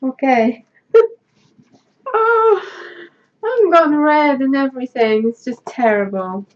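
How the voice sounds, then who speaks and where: Woman vlogger, crafting host, high and unhurried, excitable, dull home audio. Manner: gushing, emotional, laughs often. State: tearful, choked up. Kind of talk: casual unboxing vlog.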